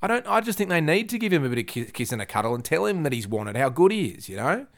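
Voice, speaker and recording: A man's voice: a little high, very animated, fast talker. A man, a regular on a podcast, who laughs often and answers with banter. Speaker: podcast panelist. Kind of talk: casual chat.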